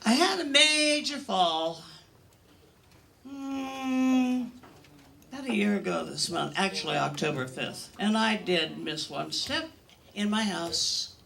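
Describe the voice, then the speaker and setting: A woman's voice: medium pitch, expressive, slow pace, gravelly, fairly bright tone. An older woman performing a stand-up comedy routine on a comedy club stage, telling bawdy, self-mocking stories in a brash way.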